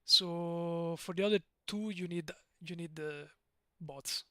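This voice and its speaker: A man's voice: on the high side, slow pace, bright, forceful tone, no room sound. A man with an Italian accent chatting casually on a live stream, rambling, digressing and laughing often. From Italy.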